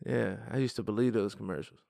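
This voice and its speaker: A man's voice: on the low side, steady tone, fast, vocal fry, warm tone, no echo, clean studio sound. A man co-hosting a podcast in casual chat, laid-back and slangy, swearing freely. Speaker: podcast co-host.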